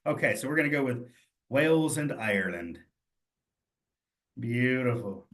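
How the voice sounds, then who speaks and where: A man's voice: mid-range voice, expressive, unhurried, fairly bright tone, roomy sound. A man leading a cheese exam study session, reasoning through quiz answers aloud in a casual, encouraging way.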